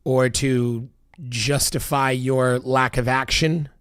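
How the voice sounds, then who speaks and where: A man's voice: mid-range voice, level tone, takes it slowly, a bit bright, clear, resonant tone, no room sound, studio quality. A man delivering a heated, profanity-laced political rant, emphatic and repetitive. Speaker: political commentator.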